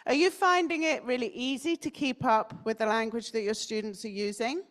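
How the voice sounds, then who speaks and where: A woman's voice: fairly high pitch, steady tone, brisk, fairly bright tone. British woman speaking at a conference. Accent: standard British English. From North London. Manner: chatty, asks the audience questions. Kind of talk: conference talk. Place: conference hall.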